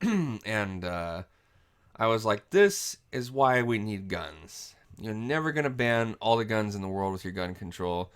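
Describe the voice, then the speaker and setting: A man with a low, smooth, resonant voice hosts a podcast. He gives a loose, profane recap of a movie and keeps clearing his throat as he goes. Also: big pitch swings, unhurried, fairly bright tone, no echo. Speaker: podcast host.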